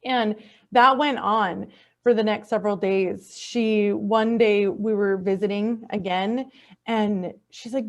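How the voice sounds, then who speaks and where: A woman's voice: steady tone, slow. A middle-aged woman telling a personal story in conversation, earnest and heartfelt, often restarting her sentences. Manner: acts out quoted speech in a higher, softer voice. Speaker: podcast guest.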